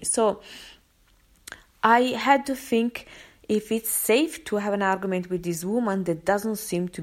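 A woman vlogger telling a personal story in a casual, expressive way, with many fillers and restarts. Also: mid-range voice. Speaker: vlogger sharing a daily quote. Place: home area in London.

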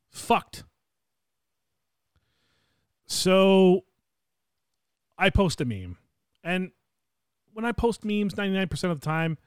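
A man co-hosting a podcast, telling a story in a casual, profane way that swings between loud and quiet. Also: a little high, dry recording, clean studio sound. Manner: animated, swings loud and quiet, swears a lot. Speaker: podcast co-host.

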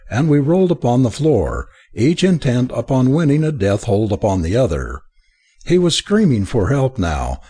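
A man narrating an adventure audiobook in the first person, reading in an expressive, theatrical manner. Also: mid-range voice, breathy edge.

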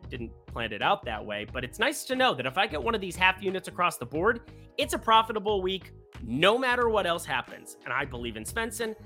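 An upbeat, jokey sports betting host running through golf picks in a casual way. The voice is bright and swings widely in pitch, often lifting phrases into a question-like rise.

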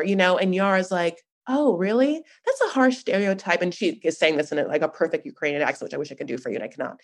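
A young woman hosting a podcast, recapping a reality show in an animated, gossipy chat full of fillers. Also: on the low side, quick pace, few pauses. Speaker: podcast host.

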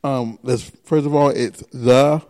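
A man's voice: medium pitch, steady tone, takes it slowly, darkish tone. A man co-hosting a casual comedy podcast, rambling with many fillers. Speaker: podcast co-host. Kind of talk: casual chat.

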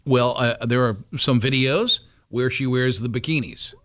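A man's voice: mid-range voice, measured pace, fairly bright tone, slight background noise. A man hosting a radio show, chatting loosely and jokingly with plenty of fillers, on a studio microphone. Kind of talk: casual morning radio chat.

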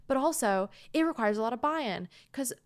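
A woman's voice: on the high side, animated, moderate pace, no room sound. A woman co-hosting a podcast in casual chat, talking loosely with many "like"s and some swearing. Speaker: podcast co-host.

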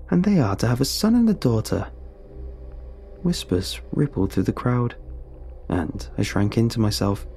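A man reads a first-person audiobook with steady, dramatic storytelling. His voice is low and mellow, with quiet music playing underneath. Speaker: narrator.

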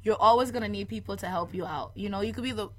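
A woman co-hosting a podcast in casual chat with friends, earnest and quick to laugh, often trailing off softly. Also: mid-range voice. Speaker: podcast co-host.

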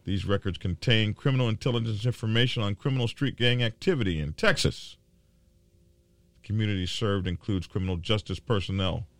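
A man hosting a biker news show, talking casually to his viewers in a halting, indignant way with many fillers and repeated words. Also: lowish voice, no echo. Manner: worked up and indignant.

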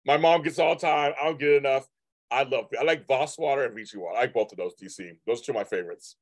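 A man's voice: medium pitch, fast, dry recording. A man in his fifties hosting a live stream, chatting casually and rambling as he answers comments from viewers. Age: 50s.

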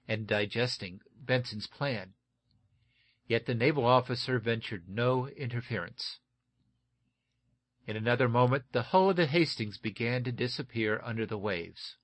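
Male audiobook reader, measured narration, dry close mic. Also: mid-range voice, no echo. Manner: steady measured reading. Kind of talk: scripted narration.

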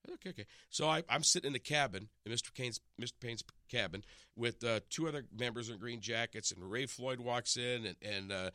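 Man telling animated stories, bright voice. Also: mid-range voice, a little fast, no echo, clean studio sound. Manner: animated, acts out quotes, many restarts. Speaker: in-studio guest. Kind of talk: casual storytelling chat. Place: radio studio. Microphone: studio microphone.

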